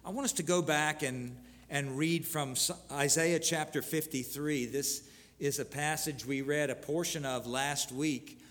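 An earnest male preacher delivers a sermon, reading scripture aloud with pauses and the odd restart. His voice sits a little high for a man. A long reverb trails every phrase, as in a church hall. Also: steady tone, fairly bright tone. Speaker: pastor.

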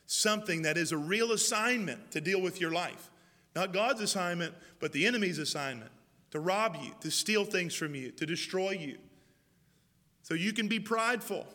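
A male pastor preaching a sermon, moving from loud calls to hushed, prayerful quoting. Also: sits high. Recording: long reverb of a large hall.

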